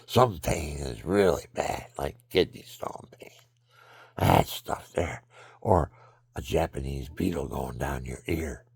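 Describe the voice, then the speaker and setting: Gravelly low older man rambling. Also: a little mellow, dry recording. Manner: digressive, drifting between topics; stretching while talking, breathy hiccups. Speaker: vlogger. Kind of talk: rambling casual monologue.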